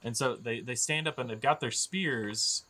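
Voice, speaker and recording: A man narrating as game master of a tabletop game, jokey and quick to laugh. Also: bright, forceful tone. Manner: jokey, laughs often, squeaky voices for goblins.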